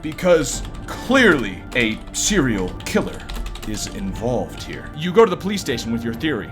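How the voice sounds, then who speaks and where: A young man doing comedic game commentary, reading text aloud in quick bursts, laughing often and joking crudely. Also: high-pitched, a bit bright. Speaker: gameplay commentator. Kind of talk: comedic let's-play narration.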